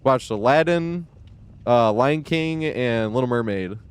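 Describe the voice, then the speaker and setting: A man's voice: medium pitch, expressive, slow, clear, resonant tone, no echo. A young man streaming a video game, chatting casually and rambling, laughing often and swearing freely. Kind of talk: casual gaming stream chat.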